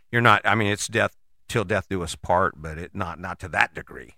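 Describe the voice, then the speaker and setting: A man giving a casual motivational talk, conversational and animated, with frequent rhetorical questions and the odd curse word. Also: on the low side, moderate pace, creaky, dry recording, studio quality. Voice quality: casual, swears freely. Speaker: motivational host. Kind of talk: motivational monologue.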